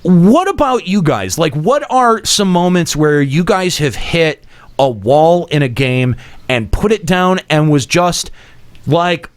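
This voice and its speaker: A man's voice: on the high side, lively intonation, takes it slowly, smooth. A man hosting a casual gaming podcast, thinking aloud in long winding sentences and swearing casually. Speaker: podcast host leading the discussion. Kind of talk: casual panel chat.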